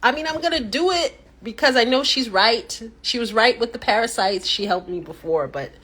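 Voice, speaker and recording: A woman hosting a casual live chat, telling stories with animated reactions and acting out what people said with sudden pitch jumps. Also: moderate pace. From United States. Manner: animated storyteller who acts out quotes with sudden pitch jumps. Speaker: host.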